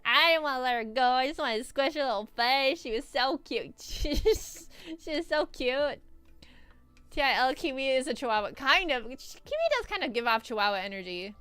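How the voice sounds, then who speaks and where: A high, bright young woman recounting a trip in a casual streamer recap. Her voice is clear and smooth, close to the mic in a dry room. She rambles, restarts, and laughs often as she goes. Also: lively intonation, normal speed, dry recording. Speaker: vtuber streamer.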